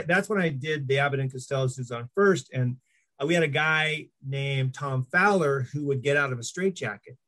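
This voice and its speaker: A middle-aged man telling stories in a casual interview, acting out the voices of people he quotes. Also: mid-range voice. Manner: animated anecdotes, acts out quoted voices. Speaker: guest.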